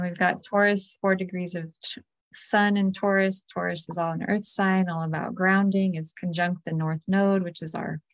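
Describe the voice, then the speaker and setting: A woman energy healer leading a guided release meditation, talking in a soft, invoking, repetitive way. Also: fairly low pitch, no echo.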